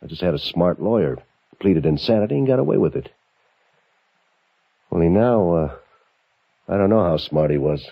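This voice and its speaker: A man's voice: sits low, expressive, moderate pace, gravelly, pauses often, breathy edge, heavily acted. An actor playing a cruel, mocking escaped male convict who holds a couple hostage, speaking in a drawling, taunting tough-guy manner. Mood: menacing. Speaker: villain holding a couple hostage. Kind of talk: vintage broadcast drama acting. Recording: lo-fi old recording with faint music.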